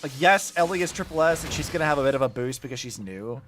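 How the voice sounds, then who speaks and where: A young man chatting casually while playing a game, with lots of fillers and quick asides. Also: on the high side. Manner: chatty, animated, many likes and fillers. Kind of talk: casual gameplay commentary. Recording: faint music behind. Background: faint game music.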